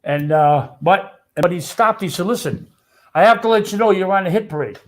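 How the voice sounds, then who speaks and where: A man's voice: high voice, lively intonation, normal speed. An older man telling a story in casual talk, blunt and tough, swearing freely. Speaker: storyteller guest.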